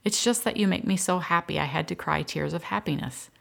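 A woman voicing a gentle young woman caring for twin girls, coaxing and warm with them. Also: on the low side, fairly quick, vocal fry.

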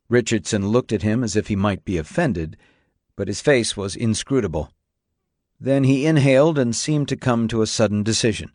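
A man narrating a novel in a steady, even storytelling manner. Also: on the low side, moderate pace, dry recording, clean studio sound. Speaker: audiobook narrator. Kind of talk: scripted narration.

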